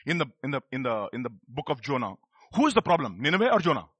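Male preacher, bright husky voice, quizzes the congregation, dry close sound. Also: medium pitch, sing-song, fast, dry recording. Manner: emphatic, quizzes the congregation with rhetorical questions. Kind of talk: sermon.

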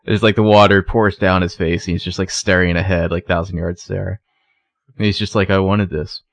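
A man with a fairly low voice chats casually on a podcast, retelling a TV scene. He acts out each character's lines with animated delivery. The recording is dry and close. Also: brisk, vocal fry, dry recording. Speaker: podcast co-host recapping a TV episode. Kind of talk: casual chat.

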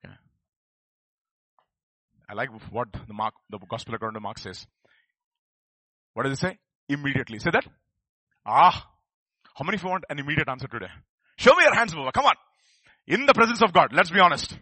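A man preaching a sermon, swinging between loud emphatic calls and quiet asides and prompting the congregation to respond. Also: on the high side, sing-song, a little fast, long pauses, no echo, rough recording. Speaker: pastor. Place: church service.

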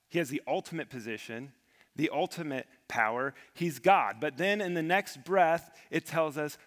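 A man preaching a sermon with earnest emphasis, rising to stress points and letting his phrases fall away quietly. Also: a little high, long reverb tail. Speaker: pastor.

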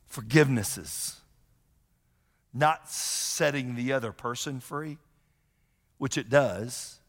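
A man preaching a sermon as a pastor, conversational and animated, often acting out the voices of the people he quotes. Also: medium pitch, slow pace. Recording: long hall reverb.

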